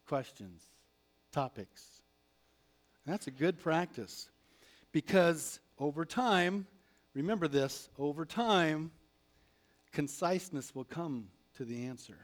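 A man preaching a sermon as a pastor, animated, acting out prayers and replies. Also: fairly high pitch.

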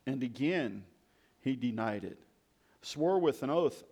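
A man's voice: medium pitch, lively intonation, slow pace, dark tone. A man preaching a sermon and reading scripture aloud, reflecting on the passages.

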